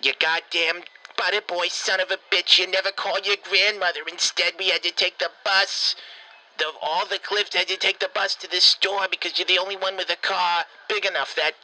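A man's voice: high voice, little pitch movement, normal speed, bright, forceful tone, rough recording. A man doing a foul-mouthed old grandma. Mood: scolding. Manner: cursing, scolding rant.

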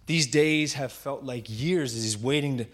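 A man preaching a sermon, retelling a Bible story vividly and often dropping to a hushed voice for effect. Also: medium pitch, normal speed. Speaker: pastor.

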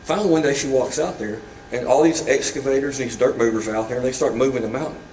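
A man's voice: medium pitch, quick pace, a little mellow, a little hiss or hum. A man preaching a sermon in a conversational way, with casual asides and humor, in a church sanctuary. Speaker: pastor. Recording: echoey room, mic at a distance.

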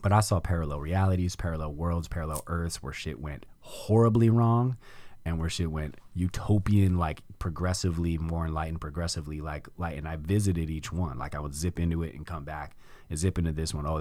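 A man's voice: a bass voice, fairly even intonation, a little fast, mellow, dry recording. A middle-aged man hosting a podcast, telling a personal story in casual conversation and acting out his own past reactions. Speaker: podcast host.

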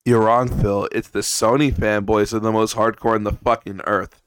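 Smooth-voiced blunt male co-host. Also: on the low side, flat delivery, moderate pace. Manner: blunt, laughing, joking. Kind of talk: casual podcast chat.

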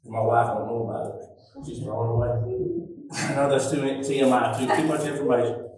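Folksy pastor in an echoey hall. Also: male voice, medium pitch, steady tone, brisk, a little mellow, far from the mic. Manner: folksy storytelling with audience call-outs. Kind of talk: sermon.

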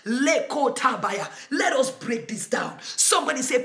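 A woman pastor delivers an emphatic sermon, calling on the congregation to repeat her words and slipping into tongues. Her voice is bright and fairly high. The sound carries the echo of a church room. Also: very animated, moderate pace, few pauses. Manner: emphatic, repetitive, fillers like "uh". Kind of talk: sermon with call-and-response and speaking in tongues.

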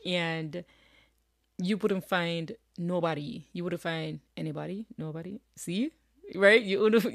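Jamaican woman with a low voice, dry sound. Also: no room sound. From rural Jamaica. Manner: chatty, frank, with frequent tag questions. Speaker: podcast host. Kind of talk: casual podcast monologue.

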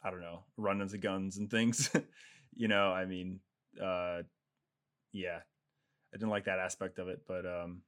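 A podcast host with a Boston accent talks in a relaxed, joking way. His voice sits low. He swears lightly as he banters with his co-hosts. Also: measured pace, long pauses, smooth. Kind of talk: casual chat.

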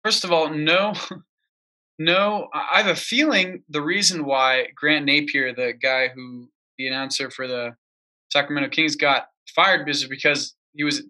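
A man with a high, very bright and piercing voice argues with emphatic insistence, hammering his points by repeating them. He talks in a casual, heated political chat. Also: steady tone, a little slow. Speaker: podcast co-host.

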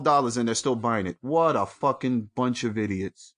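A man hosting his own show from home, ranting angrily and with heavy profanity, jumping between loud outbursts and low mutters. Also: moderate pace. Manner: angry, profane, swings from shouting to mutters. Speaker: podcast host. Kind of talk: profane solo rant.

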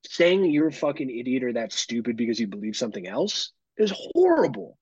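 Husky-voiced man in animated chat. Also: medium pitch, a little fast, no room sound, dull audio. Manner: animated, swears freely, laughs often. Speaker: podcast host. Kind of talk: casual chat.

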